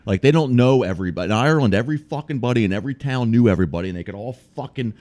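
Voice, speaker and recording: A man's voice: mid-range voice, expressive, racing, darkish tone. An American man telling a trip story in casual, profane podcast chat. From United States. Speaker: guest storyteller.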